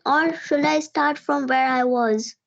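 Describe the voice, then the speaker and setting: A young woman with a high voice tells a personal story fluently. The call audio is dry and slightly muffled. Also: fairly even intonation, slow, creaky, dry recording. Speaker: conversation partner. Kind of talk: online English practice conversation.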